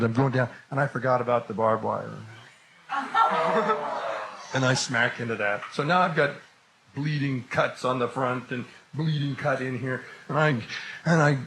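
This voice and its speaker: A man telling a comic story to an audience, acting out every exchange and rising to shouts as it builds. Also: medium pitch, a little hiss or hum, poor audio. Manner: animated, acts out the dialogue, voice rising to shouts at the climax.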